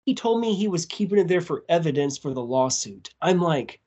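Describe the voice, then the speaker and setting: A man guesting on a podcast, telling a story in a casual, profane, animated way. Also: on the high side, brisk, lo-fi sound. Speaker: tattoo artist.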